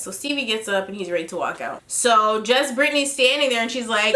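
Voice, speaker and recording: Bubbly high-voiced woman recapping gossip. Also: a little fast, few pauses, roomy sound. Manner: animated, profane, laughing, quoting cast members. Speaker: reality TV recap vlogger. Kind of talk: casual episode recap.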